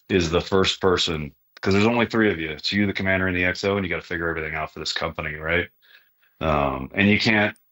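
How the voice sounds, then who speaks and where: A middle-aged man with a low voice talks in a relaxed, conversational way. He is plain-spoken and often ends a point with "right?", like a retired sergeant major explaining how things work. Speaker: podcast guest, retired army sergeant major. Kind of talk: casual conversational interview.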